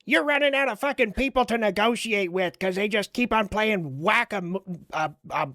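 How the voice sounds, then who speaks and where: A man's voice: high voice, moderate pace, dry recording, studio quality. Blunt man cracking crude jokes. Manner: blunt, offensive deadpan jokes. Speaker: podcast co-host. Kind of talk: crude comedic banter.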